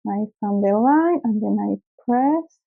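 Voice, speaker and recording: A woman hosting a craft tutorial, explaining each step slowly and carefully with small fillers, an English speaker. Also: mid-range voice, lively intonation, creaky, narrow, tinny audio.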